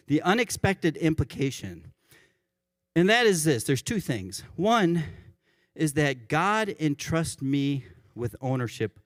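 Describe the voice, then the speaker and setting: A worship pastor giving a conversational church sermon, often correcting himself mid-sentence. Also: male voice, medium pitch, dry recording, studio quality. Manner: conversational, self-correcting, chuckles at his own examples. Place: church sanctuary.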